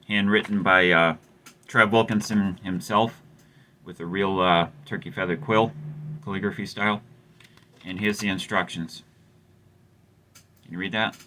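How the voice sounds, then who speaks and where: Low-ish, bright and forceful, his voice comes with a bit of background hiss or hum. He's the man behind a guitar repair channel, chatting loosely as he works on an instrument, rambling, poking fun at himself, and leaning on fillers.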